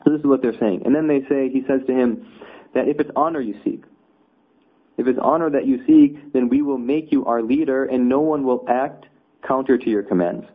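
A man's voice: medium pitch, a little fast, slightly rough. A man teaching a conversational religious lesson, explaining with rhetorical asides. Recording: tinny phone-like audio.

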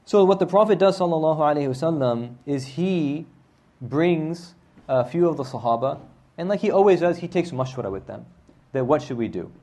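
A man's voice: fairly high pitch, animated, fairly quick, dark tone. Man retelling a story in a lesson. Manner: conversational, often adds "right?" to check with listeners. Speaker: religious teacher.

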